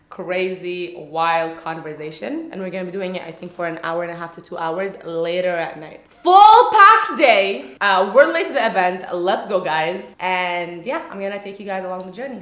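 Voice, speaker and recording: A woman with an American accent chatting casually to camera in a quick, animated vlog style. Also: on the low side. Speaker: vlogger and entrepreneur. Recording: roomy echo with faint crowd.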